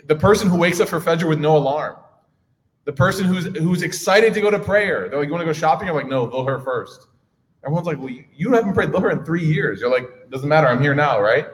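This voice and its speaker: A man in his thirties giving a casual, slangy religious lecture, telling stories with quoted dialogue to a room of listeners. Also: on the high side. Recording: long hall reverb.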